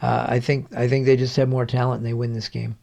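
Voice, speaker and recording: A man as a guest sports analyst in a casual picks chat, measured and hesitant, with many restarts. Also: medium pitch, level tone, creaky, darkish tone.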